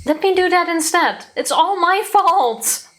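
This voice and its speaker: A woman voicing a distraught, kind female schoolteacher with a high, pleading, tearful tone. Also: lively intonation, a little slow, a bit bright, exaggerated voice.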